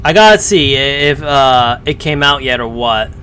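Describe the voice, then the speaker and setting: A man's voice: mid-range voice, lively intonation, moderate pace, bright, forceful tone, slight background noise. A man giving casual live-stream commentary as he reacts to a story, rambling and hesitant with many fillers.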